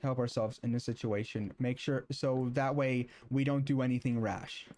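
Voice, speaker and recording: A man streaming, talking casually and then reading scripture aloud in a halting way, with many filler sounds and restarts. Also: mid-range voice, fairly even intonation, a little mellow.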